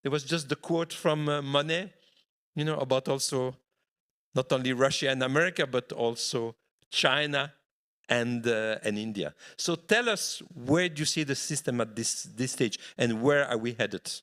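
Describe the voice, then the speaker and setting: A middle-aged man moderating a conference panel, introducing a guest in a measured way and pausing with fillers mid-sentence. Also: medium pitch, fairly bright tone.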